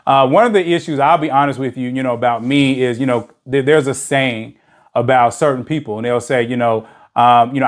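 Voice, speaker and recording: A man hosting a dating channel, talking in a loose, rambling way and packing his speech with "you know" fillers. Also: mid-range voice. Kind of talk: casual monologue to camera. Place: lives in a big city.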